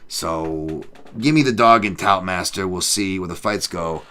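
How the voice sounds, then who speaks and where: A man's voice: low voice, unhurried, pushed and bright. A male podcast host giving casual betting picks and reading chat, with profane, joking, rambling banter. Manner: reads odds and chat comments aloud.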